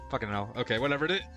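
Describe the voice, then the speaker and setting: A man's voice: medium pitch, bright, forceful tone. A man running a tabletop game as game master, narrating casually, laughing at himself and swearing.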